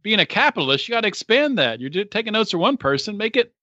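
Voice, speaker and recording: A man teasing his friends in casual podcast chat, starting over now and then. His voice is bright and a little high, recorded dry, close and slightly muffled. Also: very animated, fast, no room sound.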